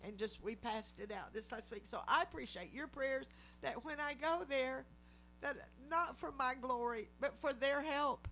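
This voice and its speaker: A middle-aged woman preaching a testimony sermon, animated storytelling that acts out the voices she quotes. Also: sits high, unhurried, a little hiss or hum. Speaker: lay preacher.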